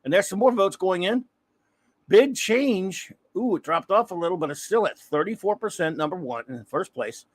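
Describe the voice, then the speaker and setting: A man's voice: sits high, lively intonation, moderate pace. A man hosting a casual comics livestream, talking in a rambling, self-deprecating way with many restarts. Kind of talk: casual chat.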